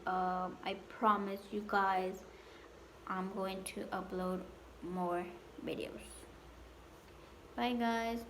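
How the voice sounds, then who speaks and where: A young adult woman telling a casual storytime vlog, halting and repetitive with many fillers. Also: mid-range voice, slight background noise. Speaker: vlogger.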